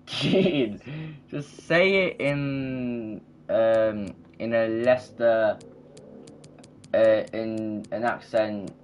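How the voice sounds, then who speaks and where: Slow, mumbly young man gaming. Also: on the low side, slight background noise. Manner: rambling, mumbled, trails off. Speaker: gamer. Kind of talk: casual gaming chat.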